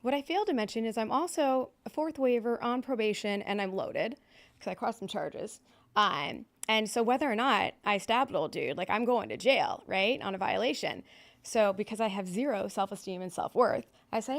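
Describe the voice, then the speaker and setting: A woman's voice: medium pitch, expressive, normal speed, vocal fry. Blunt, candid woman telling her story. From Southern California. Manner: candid, blunt storytelling with frequent swearing and fillers. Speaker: podcast guest. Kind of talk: personal recovery story.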